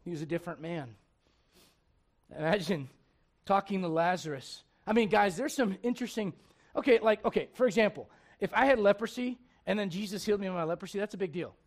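Pastor, male, high voice, lively preaching with jokes and acted quotes. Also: a little fast. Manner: animated, humorous, laughing asides, acts out quotes. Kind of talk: sermon.

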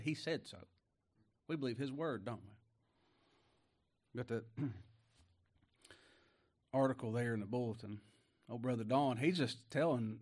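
A middle-aged man preaching a folksy sermon, moving from quiet asides to emphatic raised lines. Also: medium pitch. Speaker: pastor.

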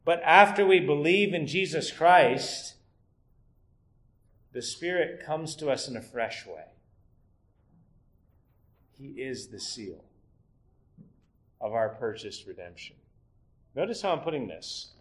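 A middle-aged man preaching an expository sermon, building into emphatic rhetorical questions and then dropping low and quiet to teach. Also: measured pace, pauses often.

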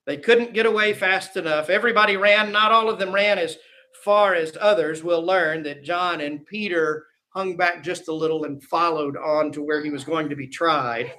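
High, bright-voiced preacher acting out scenes. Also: male voice. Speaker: pastor. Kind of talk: sermon. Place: church.

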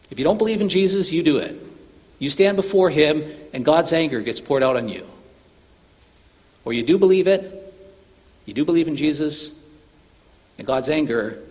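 A man's voice: a little high, normal speed, long pauses, darkish tone. A man preaching an earnest sermon, addressing his listeners as brothers and sisters, with long hall reverb.

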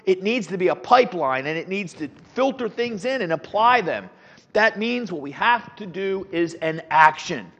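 A middle-aged man teaching a Sunday school class, animated, with rhetorical questions and frequent restarts. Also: high voice, moderate pace. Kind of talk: Bible teaching. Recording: dull lo-fi sound with long hall reverb.

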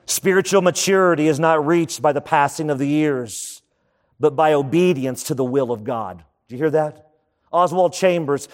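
A man's voice: fairly high pitch, in a large hall. A man preaching a sermon as pastor, emphatic and repeating key phrases for effect.

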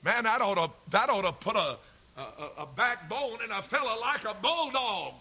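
A man preaches in a high, bright, ringing voice. His delivery is folksy and earnest, with drawn-out emphasis. He sinks to near-whispers and then builds to forceful shouting. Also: lively intonation, husky. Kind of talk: sermon.

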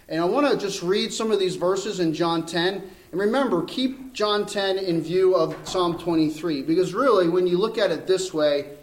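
Earnest man preaching a slow sermon. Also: sits high, poor audio. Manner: earnest, slow, emphatic preaching with repeated phrases. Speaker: pastor.

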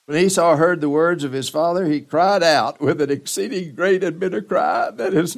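A man's voice: on the high side, moderate pace, creaky, few pauses. A male pastor preaching a sermon, retelling scripture in a dramatic storytelling manner with rising emphasis.

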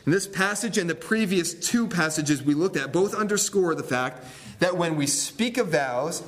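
A male pastor preaching a sermon, teaching scripture with rhetorical questions and repeated key phrases. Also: sits high.

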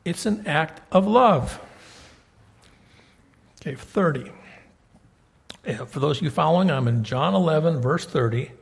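A man preaching a sermon and reading scripture aloud, conversational and emphatic, swinging between loud and soft. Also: fairly high pitch, expressive, unhurried, creaky, pauses often, breathy edge.

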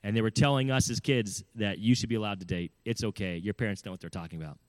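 A man with a fairly low voice tells a personal story and gives advice, earnest and emphatic. He keeps turning to the listener with questions. The sound is dry and close, with no room echo. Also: fast talker, darkish tone. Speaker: speaker giving parenting advice. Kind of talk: storytelling talk.

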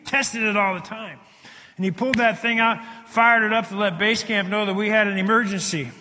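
A man's voice: sits high, fairly even intonation. Tense man telling a story in a hall. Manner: halting, repeats words, swings between hushed and loud. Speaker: speaker telling a survival story. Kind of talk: dramatic storytelling speech to an audience. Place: hall with a live audience. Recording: long hall reverb.

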